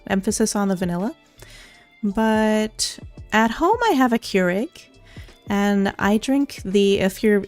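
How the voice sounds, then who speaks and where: A woman's voice: mid-range voice, a little mellow, no room sound. Bubbly young woman streamer, giggly. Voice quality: giggly, bubbly, self-deprecating. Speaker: VTuber streamer. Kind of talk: casual Q&A livestream chat. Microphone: studio condenser mic.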